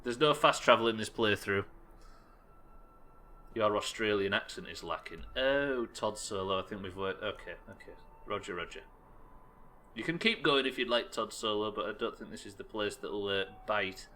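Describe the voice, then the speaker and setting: An English-accented streamer rants sarcastically through his gameplay, swearing freely. His voice is bright and forceful. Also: fairly low pitch, animated, moderate pace, pauses often, a little hiss or hum. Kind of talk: live gameplay commentary.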